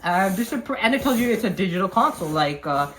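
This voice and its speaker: Casual vlogger, woman, mid-range voice, excitable and rambling with slang, handheld camera at home, faint hiss. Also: medium pitch, quick pace. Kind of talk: casual unboxing vlog. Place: at home by a desk. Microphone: handheld camera mic.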